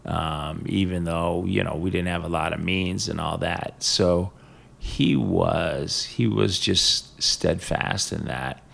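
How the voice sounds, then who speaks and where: Older male guest, deep and gravelly, warm anecdotal storyteller. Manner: storytelling, reflective, halting with fillers. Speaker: guest, business executive. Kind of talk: casual interview conversation.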